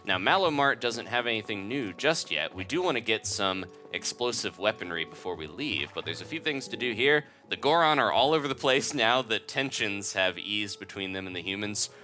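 A man giving casual, jokey commentary over a game playthrough as the video's host, chatty and quick to laugh. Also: on the low side, expressive, bright, forceful tone, soft background music.

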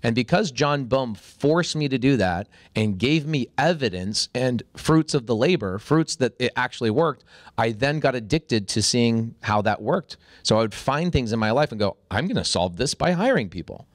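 A man talking as a podcast guest, telling a story with energy and jumping into high, excited voices when he acts out what people said. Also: normal speed, dry recording, studio quality. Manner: acts out quoted dialogue with sudden high-pitched bursts. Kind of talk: animated storytelling in conversation.

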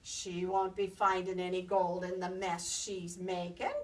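A woman's voice: little pitch movement, a little slow, close to an everyday voice. A grumbling sly leprechaun, as a woman puts him on. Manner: grumbling, shrill when upset. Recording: distant mic, faint background noise.

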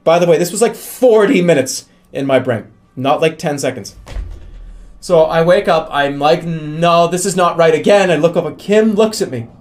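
High-voiced man telling a wild dream story. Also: moderate pace. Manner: animated, swearing, acts out quotes with laughs. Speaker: vlogcast host. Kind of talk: casual storytime.

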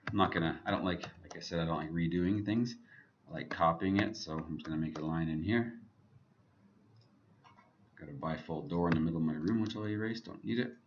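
A deep-voiced man walks through a software tutorial on his screen, chatting casually and thinking aloud as he clicks through each step at a brisk pace. The audio has the highs cut off and a little background noise.

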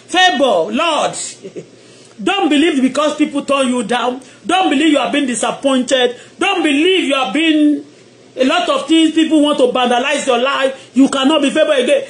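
A woman's voice: high voice, expressive, measured pace. A Nigerian woman with a Yoruba accent leads a fervent live-stream prayer, chanting and repeating phrases and switching between English and Yoruba. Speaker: online blogger leading prayer.

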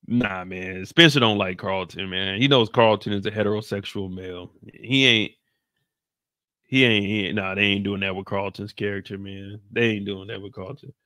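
A man hosting a casual TV recap, animated and slangy, often laughing. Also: fairly low pitch, moderate pace, no echo, clean studio sound. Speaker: show recap host. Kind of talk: casual commentary.

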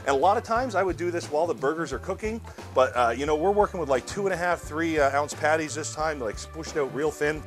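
A man's voice: a little high, quick pace, over music. A man hosting his own cooking show, chatting casually to viewers while he demonstrates a recipe, often repeating words as he goes. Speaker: cooking channel host.

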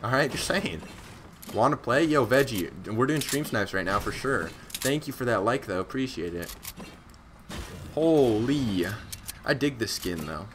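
A young man streaming a game live, chattering in quick gamer slang and yelping at every close call. His voice sits at an ordinary middle pitch, and a faint hiss runs underneath. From Scotland. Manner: excitable, slangy gamer chatter with sudden outbursts. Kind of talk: live gameplay commentary.

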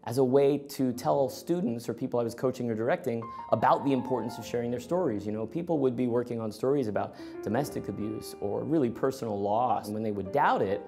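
A middle-aged man tells a true personal story. He acts out the dialogue of everyone in it, keeping a conversational tone, with faint music playing softly beneath his voice. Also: medium pitch, fast talker, gravelly, hardly any pauses. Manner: animated, acts out both sides of dialogue.

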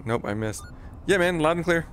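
Here the streamer sounds a little high and a bit bright, animated and moderately paced, with some hiss or hum behind him. Chatty and self-deprecating, he addresses viewers while playing a flight game, teasing himself about how he flies.

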